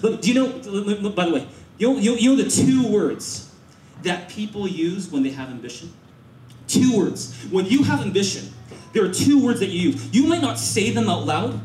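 A male pastor with a high-pitched voice, preaching in an energetic, repetitive call-and-response style. He slips in Mandarin phrases now and then. The sound carries the strong echo of a church auditorium. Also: slight background noise. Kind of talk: sermon.

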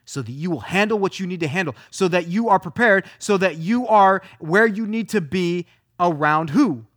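High-voiced man preaching a sermon. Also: normal speed, fairly bright tone, dry recording, studio quality. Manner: emphatic, repeats phrases, asks many rhetorical questions. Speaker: pastor.

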